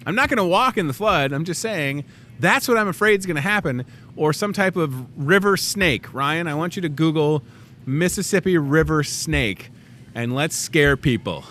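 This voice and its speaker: A man's voice: on the high side, moderate pace, a little hiss or hum. A man in his thirties hosting a live in-store talk show, joking and rambling through asides. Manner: animated, jokey, rambling asides. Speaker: host. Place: grocery store set.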